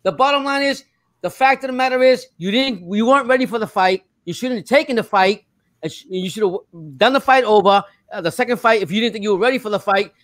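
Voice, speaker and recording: An older man with a strikingly high voice argues hard, repeating phrases and talking over whoever tries to cut in. The sound is dry with no room around it. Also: quick pace, no echo. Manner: forceful, swears, repeats himself, cuts in. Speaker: boxing fan in a debate. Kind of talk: heated street argument.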